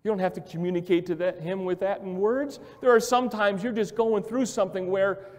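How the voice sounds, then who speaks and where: A male pastor preaching a sermon in an emphatic, repetitive way, swinging from quiet to loud. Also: high voice, steady tone, brisk. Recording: long hall reverb.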